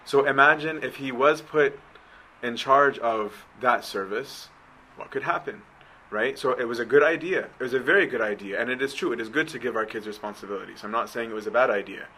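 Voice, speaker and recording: A man's voice: medium pitch, a little fast, pushed and bright, slight background noise, low-quality recording. A man giving a conversational sermon, often checking in with his listeners. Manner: conversational, keeps asking right?. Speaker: preacher.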